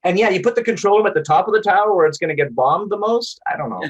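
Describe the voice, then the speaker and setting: Fast, sarcastic man far from the mic. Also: high-pitched, expressive, muffled recording. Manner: sarcastic, quick jokes. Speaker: cast member guest. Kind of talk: casual joking chat.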